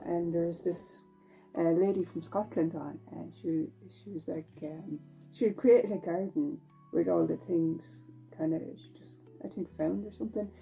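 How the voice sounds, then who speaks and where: A woman's voice: fairly low pitch, vocal fry, mellow. A woman vlogger chatting casually while she knits, rambling from one thought to the next. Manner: rambling and chatty, with fillers and self-corrections. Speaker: knitting vlogger. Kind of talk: casual chat while knitting.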